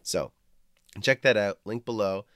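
An upbeat male podcast host with a fairly low voice, chatting with his guest. The sound is dry and close-miked. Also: a little slow, fairly bright tone, dry recording. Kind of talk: casual podcast interview.

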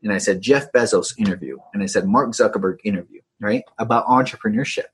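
A man with a low, very husky voice talks as an interview guest, coaching on how to grow a digital agency. He sounds energetic and casual, and he keeps checking in with "right?" as he goes. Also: fast. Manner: energetic, tags many phrases with "right?".

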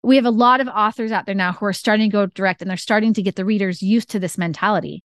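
A woman author chatting lively as a podcast guest, quickly acting out little quotes as she talks. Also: medium pitch, no room sound, clean studio sound. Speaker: guest, indie author and ad strategist. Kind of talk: casual podcast interview chat.

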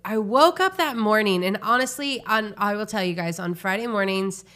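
A woman's voice: medium pitch, moderate pace, a bit bright. A woman pastor co-hosting a casual faith talk show. She speaks in an earnest, reflective way and uses many fillers. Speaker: pastor and co-host.

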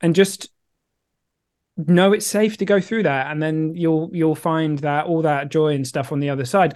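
A man's voice: on the high side, a little slow. A man co-hosting a podcast in casual chat, jokey and casual about swearing. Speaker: podcast co-host.

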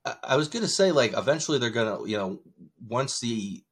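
A man's voice: mid-range voice, lively intonation, brisk, slightly rough. A man hosting a podcast in casual chat, talking bluntly, swearing freely and rambling with restarts. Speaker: podcast host.

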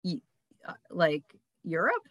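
A woman interviewing a guest, asking quick, curious follow-up questions in a casual chat. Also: fairly low pitch, huge pitch swings, fairly bright tone.

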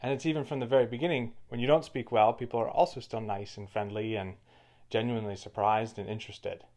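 A male co-host in a relaxed conversation, his voice pitched slightly low. He talks fluently and explains his points at length. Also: fast. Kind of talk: casual chat.

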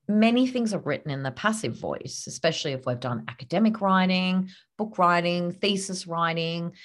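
A woman's voice: low voice, fairly bright tone. A woman hosting a podcast, coaching listeners on copywriting in a punchy, emphatic, casual way. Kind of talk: casual teaching monologue.

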